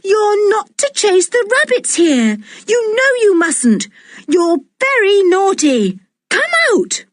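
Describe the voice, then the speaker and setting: A woman voicing a stubborn young girl who is fiercely loyal to her dog, calling out in a high, urgent voice. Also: sing-song, measured pace, no echo, clean studio sound. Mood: scolding.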